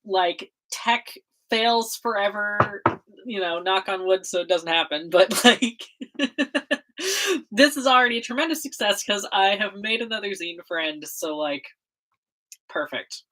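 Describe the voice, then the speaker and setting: Speaking a little slowly in a medium-pitched, fairly bright voice, a young woman from the United States chats on her livestream. She's bubbly and giggly, her talk full of laughter and fillers.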